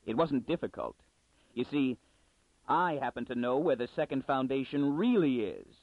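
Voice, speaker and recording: A man reading the part of a secretive young male neurologist with a measured, dry delivery. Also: mid-range voice, animated, no room sound, close to an everyday voice. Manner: measured, dryly sardonic. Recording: dry, phone-like narrow sound.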